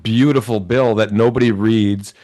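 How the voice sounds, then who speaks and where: A man with a Wisconsin accent and a somewhat low voice, weighing in on politics as a talk show guest. He argues his points earnestly and at length. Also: steady tone, normal speed, mellow. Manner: earnest, argumentative commentary. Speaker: political commentator.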